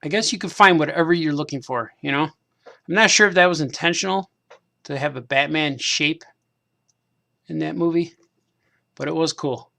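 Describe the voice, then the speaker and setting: This craft-stream cartoonist speaks at a moderate pace in a bright, forceful voice on the high side, with vocal fry and long pauses. While painting toy figures, he talks to himself in a meandering way, repeating phrases and laughing at himself.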